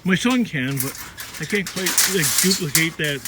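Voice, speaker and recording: A man's voice: fairly high pitch, moderate pace. A middle-aged man vlogging in a loose, rambling way, talking to himself while he works. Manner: chatty, wandering, talks to himself while working. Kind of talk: casual rambling monologue. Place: work space with scrap, while handling items. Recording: steady background noise.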